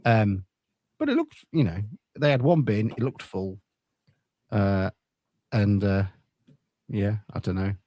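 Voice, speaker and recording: A man hosting a casual football podcast, talking in a relaxed, sweary, joking way. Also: lowish voice, takes it slowly, pauses often, dry recording. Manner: laid-back, sweary banter. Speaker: podcast host.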